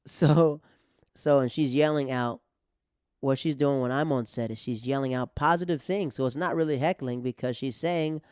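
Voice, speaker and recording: Male comedian, casual storytelling, rambling, smooth voice, dry close sound. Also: mid-range voice, moderate pace, no room sound. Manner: rambling, conversational, with many restarts and fillers. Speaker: comedian and podcast host.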